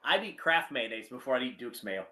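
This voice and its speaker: Lively, bright-voiced joking man. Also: mid-range voice, fairly quick. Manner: joking, laughing often, playful rants. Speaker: podcast co-host. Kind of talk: casual sports podcast banter.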